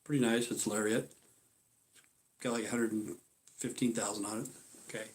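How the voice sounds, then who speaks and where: A man's voice: on the low side, steady tone, moderate pace. A man telling a story to his livestream viewers in a rambling, profane, casual way. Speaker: livestream host.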